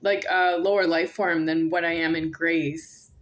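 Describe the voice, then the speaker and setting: A woman's voice: lowish voice, steady tone, a little slow. A woman vlogging alone, rambling and confrontational, repeating herself as she speaks to an unseen "you". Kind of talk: rambling monologue to camera.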